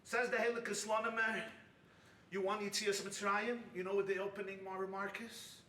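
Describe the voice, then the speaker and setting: Rabbi, male, lively preacher, high bright voice, heard from afar in an echoey hall. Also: moderate pace, recorded from a distance, slight background noise. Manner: animated, acts out quoted voices, jokes. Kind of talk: sermon. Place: retreat hall with audience.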